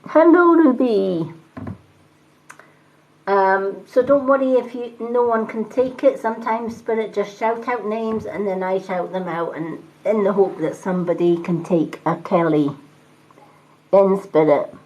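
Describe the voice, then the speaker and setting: A woman doing live-stream tarot readings, talking calmly and reassuringly and greeting viewers by name. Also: mid-range voice, unhurried, highs cut off. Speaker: tarot reader and medium.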